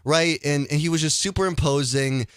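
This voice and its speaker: A man's voice: on the high side, normal speed, clean tone, no room sound, studio quality. A man hosting a casual call-in radio show, ranting with energy and stumbling over his words. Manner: animated, ranting, stumbles and restarts.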